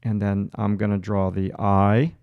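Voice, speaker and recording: Gravelly Long Island art teacher. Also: male voice, fairly low pitch, flat delivery, unhurried, no room sound, narrow, tinny audio. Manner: thinks aloud while drawing, with frequent fillers and restarts. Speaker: art instructor. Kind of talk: livestream drawing demonstration.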